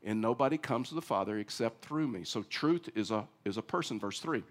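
A man preaching a sermon, swinging from emphatic, loud stretches with acted-out quotes down to low, quiet ones. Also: animated, fairly quick. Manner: rising to emphatic, acting out quoted voices, then dropping low and quiet. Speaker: pastor.

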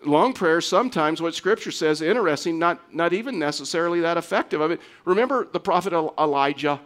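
A middle-aged man preaches a sermon in a fairly high voice. He talks earnestly and conversationally, often stumbling and restarting his sentences as he goes. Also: animated, brisk, a bit bright. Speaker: pastor.

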